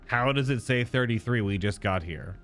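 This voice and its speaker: A let's play host gives casual, playful commentary while playing through a video game, joking and thinking aloud as he explores. He speaks at medium pitch and normal speed with a fairly bright tone, over soft background music.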